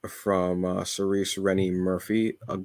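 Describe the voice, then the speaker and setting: Low-voiced man rambling through casual chat. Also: level tone, darkish tone, no room sound, studio quality. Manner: rambling, halting with many fillers. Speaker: podcast co-host.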